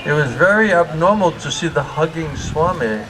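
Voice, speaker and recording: A man giving a morning class as a spiritual teacher, telling a funny story slowly and often laughing. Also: a little high. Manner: slow storytelling with frequent laughter. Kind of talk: humorous anecdotal lecture. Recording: steady background noise.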